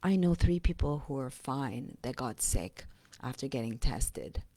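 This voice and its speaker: A woman vlogging in a casual, rambling monologue, often dropping to a breathy whisper and speaking bluntly with profanity. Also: extremely low pitch, expressive, a little slow, mellow.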